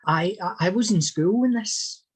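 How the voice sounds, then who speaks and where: A man's voice: high-pitched, measured pace, slightly rough, rough recording. A man speaking as a historian guest in a podcast interview, talking in a discursive, thoughtful way with frequent self-corrections.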